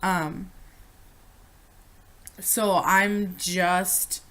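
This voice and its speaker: A woman's voice: lowish voice, steady tone, very slow, a bit bright. A young woman chatting through a storytime vlog, swearing freely and losing her train of thought. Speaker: vlogger.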